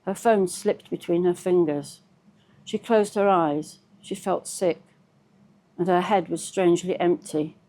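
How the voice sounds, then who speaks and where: A woman author reading aloud from her own novel in a measured, steady storytelling manner. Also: fairly low pitch.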